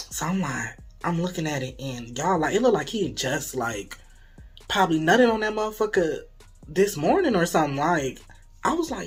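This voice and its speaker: A young adult vlogger telling a story to viewers in a casual, animated way, swearing freely and dropping into dramatic whispers. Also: medium pitch, normal speed, slightly rough, faint music behind.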